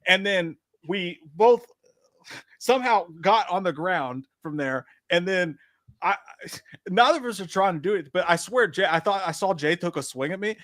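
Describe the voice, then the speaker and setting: A man co-hosting a casual chat, telling stories in a lively, excitable way and laughing often. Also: high voice, normal speed, no echo. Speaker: podcast co-host.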